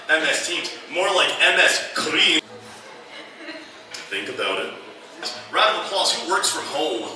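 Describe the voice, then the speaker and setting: A man's voice: fairly high pitch, big pitch swings, slow pace, long pauses. A man doing a stand-up routine on a club stage, telling dry, ironic stories with quoted asides. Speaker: stand-up comedian. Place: comedy club stage before a live audience. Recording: echoey club room, from a distance, audible audience.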